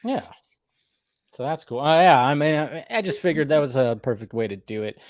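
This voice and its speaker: A man's voice: a little high, expressive, normal speed, no echo, studio quality. A man hosting a casual live stream, chatting and thinking aloud while he sets things up. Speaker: stream host.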